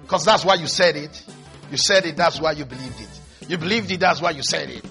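Animated high-voiced preacher man. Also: brisk, faint music behind. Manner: dramatic preaching, acting out quotes. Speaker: pastor. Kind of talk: sermon.

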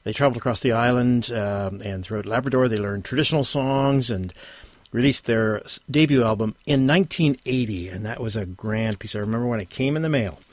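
A man presenting a folk music radio show in a rambling, relaxed way, with many fillers and self-corrections. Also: medium pitch, fairly quick, dry recording. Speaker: radio host.

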